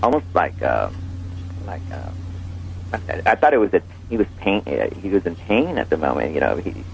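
A man, an emergency room doctor, telling a story in an interview, halting with many fillers and restarts. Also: sits low, huge pitch swings, creaky, slight background noise, low-quality recording.

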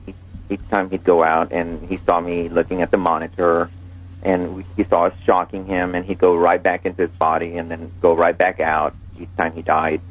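A man, an emergency room doctor, telling a story in an interview, halting with many fillers and restarts. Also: low voice, level tone, muffled recording.

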